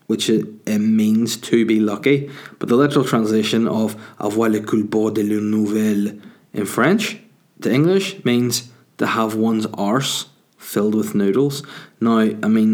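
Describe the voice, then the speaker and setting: A man's voice: on the low side, a little mellow. A man talking on his own into a desk microphone, rambling casually and cracking crude jokes. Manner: crude, joking, rambling with fillers.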